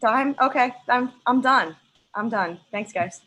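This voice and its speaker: A young woman performing a stand-up set on a video call, emphatic and profane, pausing like a preacher between lines. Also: fairly high pitch, background noise. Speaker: stand-up comedian.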